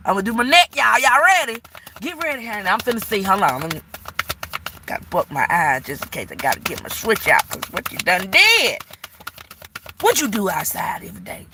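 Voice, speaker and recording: A woman's voice: medium pitch, noisy background. A woman giving a live-stream tarot reading, sassy and blunt, cursing freely and scolding the viewer like an auntie. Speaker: tarot reader.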